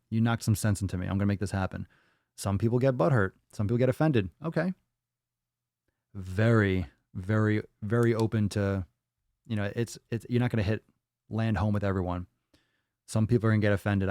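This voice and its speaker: A man's voice: on the low side, a little mellow, no room sound, clean studio sound. A man hosting a live fitness Q&A stream, blunt and profane as he answers chat. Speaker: fitness podcast host.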